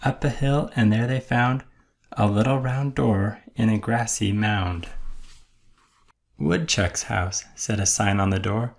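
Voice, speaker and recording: A man reading a rhyming picture book aloud for children at bedtime, gentle and rhythmic. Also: fairly low pitch, fairly even intonation, a little slow. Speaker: children's storyteller.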